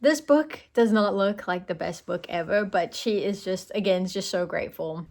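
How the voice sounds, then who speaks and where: A woman's voice: medium pitch, moderate pace, a little mellow. A woman hosting a book channel, narrating clips in a loose, chatty commentary with casual fillers.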